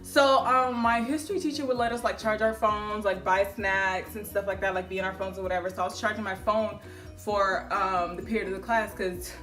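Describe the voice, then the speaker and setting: A young adult woman telling a casual storytime to camera, slangy and swearing freely, loudly acting out the conversations she recounts. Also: medium pitch, fairly even intonation, fairly quick, soft background music. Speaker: vlogger.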